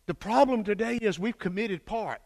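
An older man preaching a fervent sermon, swinging from hushed lines to shouted peaks and calling for answers from the congregation. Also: high-pitched, a little slow. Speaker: pastor. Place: church sanctuary. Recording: echoey church hall.

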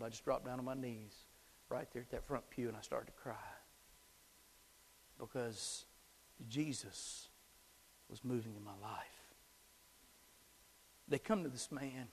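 A man preaching a sermon, swinging from shouting to hushed tones. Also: medium pitch, moderate pace, long pauses, big-room sound, a little hiss or hum. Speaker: pastor. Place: church sanctuary.

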